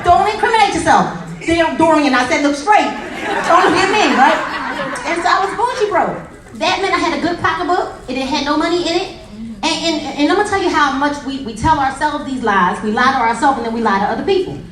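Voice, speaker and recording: A woman giving a humorous, animated motivational talk to a live audience, telling stories with acted quotes. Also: high voice, a little fast, a little hiss or hum. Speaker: motivational speaker. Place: meeting room with an audience. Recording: echoey room, voice from a distance, faint crowd.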